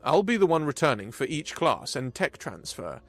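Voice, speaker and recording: A man's voice: a little high, sing-song, normal speed, a bit bright, heavily acted. A man as a plainspoken, easygoing young man. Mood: matter-of-fact. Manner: casual and plainspoken. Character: easygoing young human man, modest and steady.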